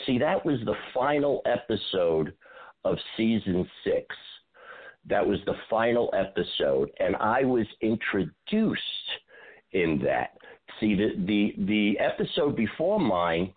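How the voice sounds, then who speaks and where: A man, an actor, telling animated show-business stories as a radio guest and acting out what people said. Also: on the low side, phone-quality sound. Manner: animated storyteller, acts out quotes.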